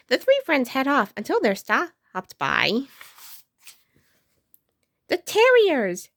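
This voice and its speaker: A woman reads a children's storybook aloud in a high voice, her narration swinging widely up and down. The sound is dry and close, with no room echo. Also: slow pace, pauses often. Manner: expressive read-aloud narration. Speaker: storybook reader.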